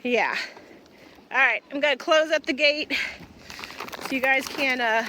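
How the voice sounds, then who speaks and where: A woman's voice: sits high, measured pace, sharp tone, slight background noise. A young woman vlogging on her farm, chatting casually as she works outdoors in a pasture and calling her cattle in a sing-song voice. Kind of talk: casual chat while doing farm chores.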